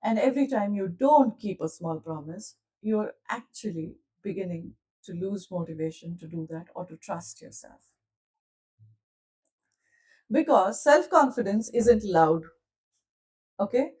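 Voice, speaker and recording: A woman leading a live online coaching session, speaking gently and calmly and asking her listeners questions directly. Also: medium pitch, normal speed, recorded from a distance, low-quality recording. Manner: gentle, calm, soothing delivery. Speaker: self-development coach.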